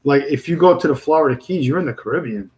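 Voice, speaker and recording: A man's voice: a little high, expressive, quick pace, darkish tone, rough recording. Chatty Brooklyn man on a livestream. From New York. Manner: rambling, friendly, lots of fillers and restarts. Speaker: livestream host chatting with viewers. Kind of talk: casual live chat.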